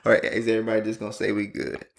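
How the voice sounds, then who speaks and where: A man's voice: lowish voice, monotone, racing, vocal fry. Laid-back male podcast co-host. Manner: laughs hard, breaks into tearful giggles. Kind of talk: casual chat.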